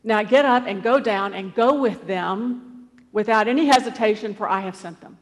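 A woman voicing a divine voice that gives slow, solemn commands. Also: mid-range voice, lightly acted. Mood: commanding. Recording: long hall reverb.

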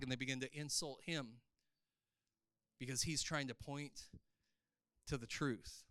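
Man, sermon, animated and emphatic, bright tone, dry close sound. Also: medium pitch, measured pace, pauses often, no echo. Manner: animated preaching, rising to loud emphatic passages. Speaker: pastor. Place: church service.

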